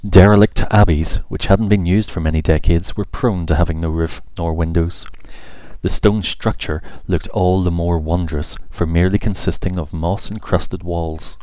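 A man with a very low voice narrates a children's fairy story in a steady, measured way. His reading sits right at a close mic, dry and free of room sound. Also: no echo.

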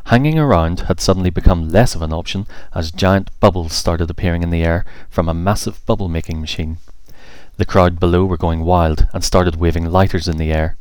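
A man narrating a children's fairy story in a steady, measured reading voice. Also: low-pitched, smooth, dry recording.

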